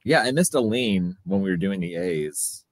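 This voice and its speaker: A man's voice: sits low, expressive, normal speed, no room sound. A man co-hosting a podcast in casual chat, eager and swearing for emphasis. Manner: enthusiastic, curses for emphasis. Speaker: podcast co-host.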